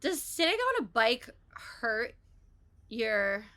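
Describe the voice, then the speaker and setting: A young woman co-hosting a podcast, chatting casually with sarcastic, deadpan humor. Her voice is high and sharply bright. She delivers her jokes dry and matter-of-fact. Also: slow pace. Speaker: podcast co-host. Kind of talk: casual chat.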